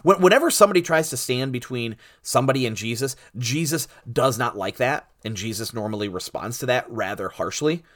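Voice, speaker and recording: Male pastor, middle-pitched voice, preaches verse by verse in a lively, conversational way with asides and restarts, and goes quiet and low for solemn lines. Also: a little fast, few pauses. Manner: animated, with frequent restarts and asides to the audience; drops soft and low on solemn points. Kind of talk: expository sermon.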